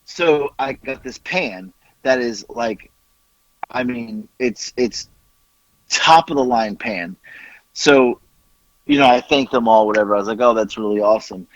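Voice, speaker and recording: A man's voice: mid-range voice, unhurried, dry recording, dull audio. A man telling a story in casual chat as podcast co-host, acting out the quoted voices as he goes.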